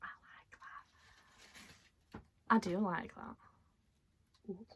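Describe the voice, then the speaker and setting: A woman's voice: medium pitch, whispered. Chatty woman unboxing. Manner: chatty and excitable, quick little laughs. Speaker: vlogger. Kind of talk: casual unboxing chat. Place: at home, in a bedroom.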